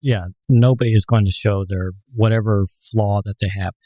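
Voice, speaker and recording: Man, dating coach, calm and explanatory, mellow voice, dry close recording. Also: on the low side, normal speed, no room sound, low-quality recording. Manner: calm, explanatory, tells personal stories. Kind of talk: casual chat.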